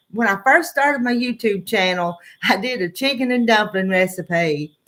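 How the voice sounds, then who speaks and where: Animated yet measured in pace, this woman's medium-pitched, fairly bright voice has a Southern US accent. As host of an early-morning livestream, she rambles in casual, easygoing chat and greets her viewers by name.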